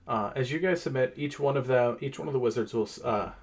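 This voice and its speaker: A man's voice: medium pitch, fast. A man running a tabletop game as game master, explaining rules with lots of fillers. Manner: lively, explains rules at length with frequent fillers.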